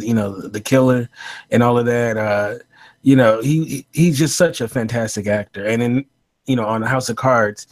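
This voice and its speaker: Animated man hosting a panel chat. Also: medium pitch. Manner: animated, laughs often, many fillers. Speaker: podcast host.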